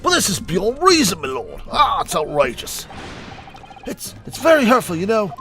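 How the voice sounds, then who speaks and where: A man's voice: sits high, wildly swooping pitch, normal speed, bright, forceful tone, faint music behind, pitched above the performer's own voice, full character voice. A man doing a spluttering, outraged toff. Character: blustering indignant male British gentlemen witnesses.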